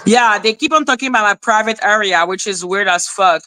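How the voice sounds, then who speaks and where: A woman's voice: medium pitch, brisk, pushed and bright. A woman giving casual reaction commentary as a YouTuber, blunt and profane as she talks back at clips.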